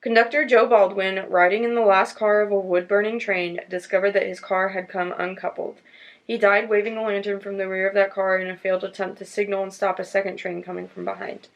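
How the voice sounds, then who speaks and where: Creaky-voiced woman podcast host. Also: medium pitch, level tone, brisk, low-quality recording. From North Carolina. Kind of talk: casual chat and reading stories aloud.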